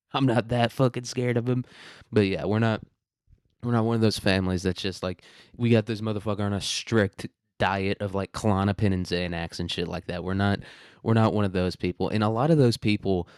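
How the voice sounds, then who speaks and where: A man's voice: lowish voice, clean tone, no room sound, studio quality. A young man at home delivering a profane, rambling casual monologue as a podcast host, often breaking into laughter.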